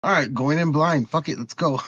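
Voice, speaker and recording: A man playing in a tabletop role-playing game, asking quick, eager questions. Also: on the high side, fairly bright tone, muffled recording. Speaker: player. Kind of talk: casual tabletop play.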